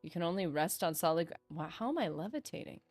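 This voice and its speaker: A woman's voice: on the low side, expressive, quick pace, a little mellow, dry recording. Chatty woman streaming a game. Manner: chatty, joking asides, playful mock-grandeur. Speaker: streamer playing a role-playing game. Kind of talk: casual gameplay livestream chat, reading in-game text aloud. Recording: faint game music behind.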